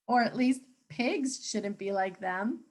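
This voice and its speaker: A woman teacher reading a picture book aloud to children, animated and coaxing, pausing to ask them questions. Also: fairly high pitch.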